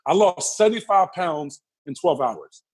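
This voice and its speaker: A man's voice: sits high, expressive, measured pace, husky. A middle-aged man, a guest in a casual interview, telling vivid stories full of repeated phrases and acted-out voices. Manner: vivid, repeats phrases, acts out the people in his story. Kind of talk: animated storytelling in a casual interview.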